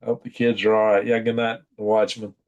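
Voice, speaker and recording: A man's voice: on the low side, little pitch movement, brisk, lo-fi sound. A sleepy man, hosting a casual late-night livestream, chuckling and reading chat aloud in a folksy drawl. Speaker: livestream host.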